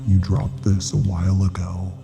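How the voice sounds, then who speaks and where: A woman voicing a tall, menacing masked man in the woods, low and gruff. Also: monotone, moderate pace, warm tone, faint music behind.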